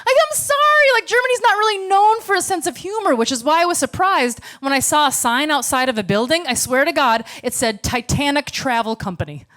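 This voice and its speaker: A woman's voice: high-pitched, lively intonation, brisk, few pauses, fairly bright tone. An American woman doing a stand-up comedy set on a club stage, brash, sarcastic and profane. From United States.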